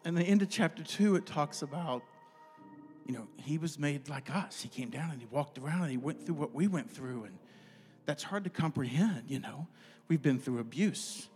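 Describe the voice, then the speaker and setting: A man in his fifties giving an informal, conversational sermon, acting out his inner dialogues in lively voices and closing in prayer. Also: fairly high pitch, moderate pace. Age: 50s. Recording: music playing behind.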